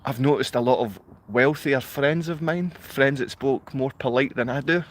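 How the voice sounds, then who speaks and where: A man's voice: mid-range voice, normal speed. A middle-aged man with a Glaswegian accent, hosting a rambling, emotional livestream monologue and often laughing. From Scotland. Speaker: livestream host. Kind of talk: rambling live-stream monologue.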